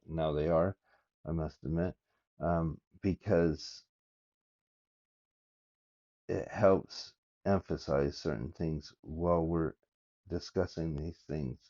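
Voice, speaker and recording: An older man reading scripture aloud and musing over it in a halting, thinking-aloud way, recorded on his phone. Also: sits low, warm tone, lo-fi sound. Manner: reads verses aloud with halting, thinking-aloud asides. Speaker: scripture study vlogger. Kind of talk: casual scripture study talk.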